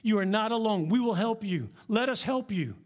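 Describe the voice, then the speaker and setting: A man delivers an earnest sermon from a church pulpit, his voice sitting noticeably high for a man. He exhorts his listeners with conviction, pressing each point home as a pastor speaking to his congregation. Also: expressive, normal speed. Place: church sanctuary.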